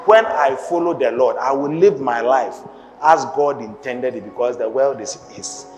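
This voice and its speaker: A man's voice: medium pitch, moderate pace, darkish tone. A man preaching a sermon, emphatic and firing pointed, repeated questions at the congregation. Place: church hall. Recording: echoey hall with music.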